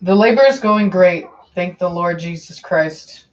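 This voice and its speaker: A woman's voice: lowish voice, unhurried. A woman breeder chatting casually on a livestream, answering viewer questions in a meandering way, with lots of ums and repeated phrases. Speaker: dog breeder hosting a livestream. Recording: dull lo-fi stream audio.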